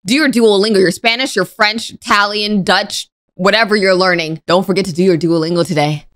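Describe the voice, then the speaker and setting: A young woman giving casual, excitable commentary as she plays a game, full of exclamations and slang. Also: mid-range voice, fairly quick. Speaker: gaming YouTuber. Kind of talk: casual let's-play commentary.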